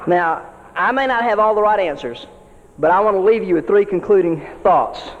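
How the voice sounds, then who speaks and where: The preacher here has a high-pitched, animated voice at a moderate pace, speaking as a pastor to fellow ministers. Earnest and folksy, he builds each point by repeating words. Expect dull audio with lengthy hall reverb.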